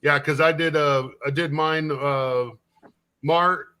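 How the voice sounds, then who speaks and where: Brief: bright, slightly high male voice, a rambling joke-teller on a casual call. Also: steady tone, slow pace, a little hiss or hum. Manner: laughing, rambling storyteller. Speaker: online chat participant. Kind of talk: casual joke-telling chat.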